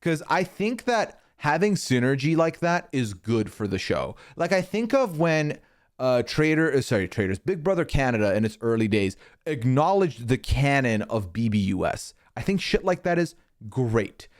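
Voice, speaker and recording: A man streaming casual commentary, rambling and swearing freely, pitch jumping up when he gets worked up. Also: sing-song, moderate pace. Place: hot indoor room.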